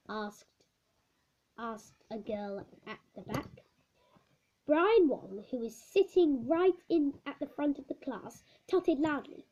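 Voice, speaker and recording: Reading a children's storybook aloud, this woman trips over words and fixes them as she goes. Her high voice is expressive and dark in tone, and she takes her time. It's captured on a dull, lo-fi recording.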